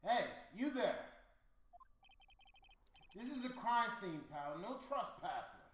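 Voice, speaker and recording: A man voicing a brash, gruff male police detective who barks like a tough guy. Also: high voice, very animated, slow, voice pushed up, heavily acted. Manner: loud tough-guy bark, calls people pal. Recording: echoey room with game music behind.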